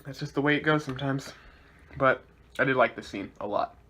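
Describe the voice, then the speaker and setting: A man reviewing an episode in a loose, chatty way, animated and full of slang. His voice sits at a middle pitch for a man, and he laughs often as he talks. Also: brisk, husky. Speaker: series reviewer. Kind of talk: casual video review.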